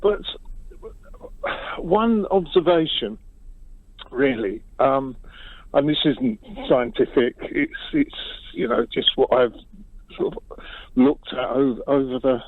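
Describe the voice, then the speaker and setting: A man's voice: mid-range voice, very animated, takes it slowly, pauses often, dry recording. A man calling a radio phone-in, talking in a hesitant, rambling way. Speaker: caller. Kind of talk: phone-in call. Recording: phone line.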